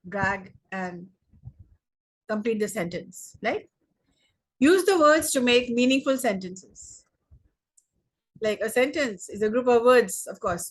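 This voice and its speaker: A young Indian woman teaching an online English grammar lesson, slowly repeating words and sentences for emphasis. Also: fairly high pitch.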